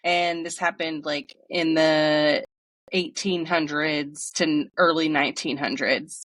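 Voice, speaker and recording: A woman co-host with a bright, crisp tone and a lowish voice, talking casually with plenty of fillers. The sound is close and dry, with no room around it. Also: fairly even intonation, takes it slowly, dry recording. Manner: loose, informal storytelling with fillers. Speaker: podcast co-host telling the story. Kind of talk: casual podcast chat.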